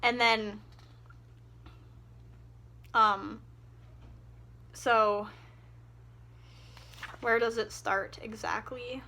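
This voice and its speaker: Bright-voiced young woman ranting about a book. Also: fairly high pitch. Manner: exasperated, sarcastic, swears freely. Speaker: book reviewer. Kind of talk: ranting casual book review.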